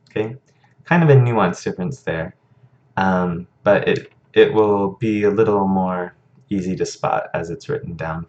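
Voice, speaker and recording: A man's voice: on the low side, a little mellow. A man teaching a recorded lesson, explaining patiently and checking in with frequent "okay"s.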